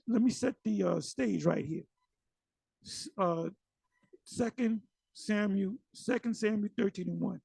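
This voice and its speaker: A man's voice: sits high, vocal fry, a little mellow, no echo. A man teaching scripture in a casual, conversational way, challenging his listeners directly. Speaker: Bible teacher.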